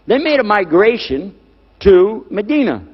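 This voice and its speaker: A man's voice: high-pitched, big pitch swings, measured pace. A man preaching on scripture to a live audience, stressing key words again and again and asking his listeners questions. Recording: dull lo-fi recording with long hall reverb.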